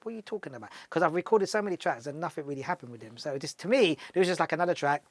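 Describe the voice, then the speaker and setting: Middle-aged man, rapid animated storytelling, slightly high voice, dry close mic. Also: no echo. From London. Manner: animated, acts out dialogue in the stories. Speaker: guest musician. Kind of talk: casual storytelling interview.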